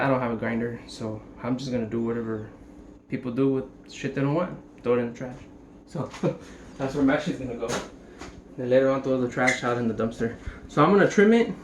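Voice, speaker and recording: A young man casually showing how to prep a brisket at home, rambling and cracking jokes as he works. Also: medium pitch. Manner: joking, rambling, swears casually. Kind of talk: casual cooking demonstration. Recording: noisy room ambience.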